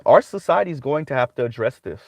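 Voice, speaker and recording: A man's voice: medium pitch, expressive, quick pace, no room sound. Guy hosting his own commentary channel, chatty monologue, always going "right?", dry close sound. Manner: conversational, repeats "right?" often.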